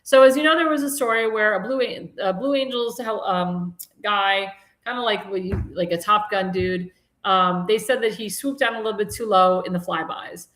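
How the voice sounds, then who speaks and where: A woman hosts a live talk stream in a loose, rambling way, full of fillers and restarts. Her voice sits at a middle pitch. The room around her adds a noticeable echo. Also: normal speed, fairly bright tone. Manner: indignant, scolding. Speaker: host. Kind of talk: casual political talk show commentary. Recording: roomy echo.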